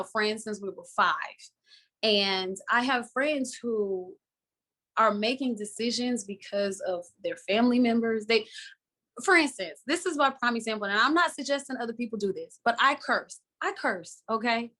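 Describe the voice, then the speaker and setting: Bright, emphatic southern woman. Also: medium pitch, moderate pace. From Florida, US. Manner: emphatic, animated, laughs often. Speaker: actress guest. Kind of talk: live interview conversation. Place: online video call.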